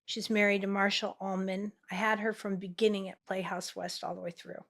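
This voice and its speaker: A middle-aged woman from Los Angeles, an acting teacher and coach, telling stories in a podcast interview and acting out quotes in a high, excited voice. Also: brisk.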